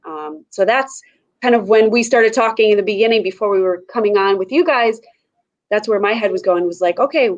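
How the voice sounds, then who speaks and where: A woman's voice: mid-range voice, muffled recording. A mother on a panel, talking earnestly and thinking aloud as she reflects on fear and anger in her community. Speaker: panel guest. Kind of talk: casual reflective chat.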